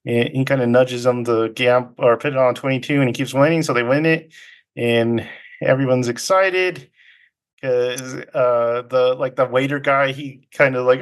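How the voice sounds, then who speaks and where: A man casually recapping a film's plot as podcast host, rambling and halting with many fillers and quick imitations of characters. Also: mid-range voice, steady tone, clean tone.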